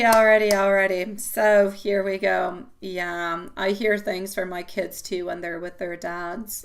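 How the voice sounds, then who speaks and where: A middle-aged woman hosts a live tarot stream with a bright, clear tone. She talks to viewers warmly, calling them sweetie and my love. Her talk rambles and circles back with repeated words. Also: lowish voice. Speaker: tarot reader.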